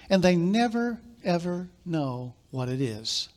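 A male pastor with a notably high-pitched voice, preaching live in church. He tells stories in a low, confiding way, then lifts into loud, emphatic preaching. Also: lively intonation, moderate pace, hardly any pauses. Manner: storytelling, swinging from quiet asides to loud emphatic preaching. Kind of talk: sermon.

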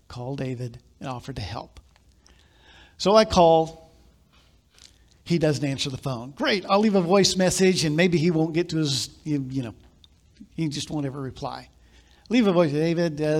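A man preaching a sermon as pastor, live in a church, telling stories in quiet asides and then building to loud, emphatic points. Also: on the high side, unhurried, long pauses.

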